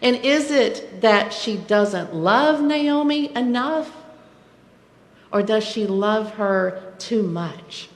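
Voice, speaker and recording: A woman pastor delivers a sermon at an unhurried, measured pace, pausing to ask the congregation questions. Her voice rings through a church sanctuary with a long, trailing reverb. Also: mid-range voice, animated. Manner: reflective, asks rhetorical questions.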